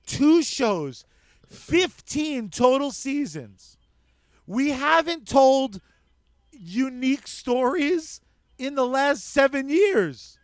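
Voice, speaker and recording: A man's voice: very high voice, sing-song, extremely slow, dry recording. A man co-hosting a casual podcast, ranting heatedly and cursing freely. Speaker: podcast co-host.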